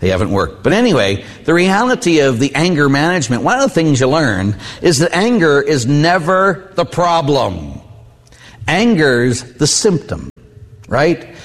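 A man's voice: fairly high pitch, sing-song, measured pace. A middle-aged man, a Catholic priest, preaching a conversational sermon with personal stories and frequent "huh?" asides. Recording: long hall reverb.

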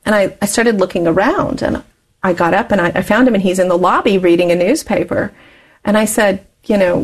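A woman's voice: medium pitch, brisk. A woman in her forties, an interview guest telling her life story candidly and laughing often as she talks.

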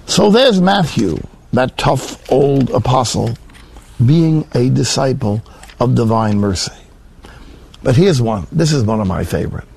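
Gravelly earnest preacher man. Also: medium pitch, a little mellow, no room sound. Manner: earnest, rising to emphatic peaks, quoting scripture slowly. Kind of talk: sermon.

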